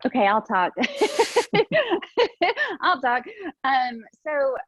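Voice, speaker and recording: A woman of forty speaking earnestly on a video call, laughing often and pausing on ums. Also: high voice, huge pitch swings, a bit bright, dry recording. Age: 40s. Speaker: panelist. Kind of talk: casual video call discussion. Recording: dull lo-fi video call audio.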